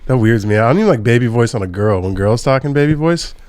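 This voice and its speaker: A man's voice: medium pitch, animated, fast talker, a little mellow, dry recording. A young man hosting a comedy podcast, telling crude stories in a loose, laughing way. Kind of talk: casual comedic podcast chat. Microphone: studio podcast mic.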